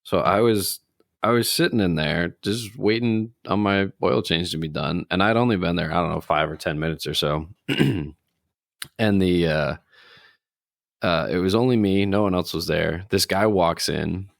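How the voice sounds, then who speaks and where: A man's voice: sits low, moderate pace, creaky, no echo, studio quality. A man co-hosting a casual chat, telling an anecdote and laughing often. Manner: storytelling, laughs often, acts out voices in anecdotes. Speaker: podcast co-host.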